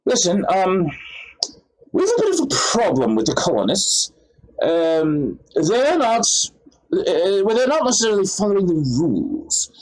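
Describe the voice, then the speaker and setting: A man's voice: high-pitched, wildly swooping pitch, unhurried, darkish tone, exaggerated voice, poor audio. A man putting on a British accent to voice a flustered British army officer complaining about the rules of war. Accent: put-on British. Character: fussy British army officer, male, middle-aged.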